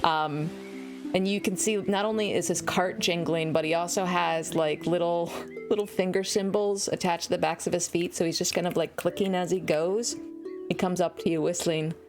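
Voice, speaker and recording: A woman's voice: on the low side, steady tone, moderate pace, music in the background. A woman game master narrating a tabletop game scene in an easygoing, descriptive way, with frequent fillers.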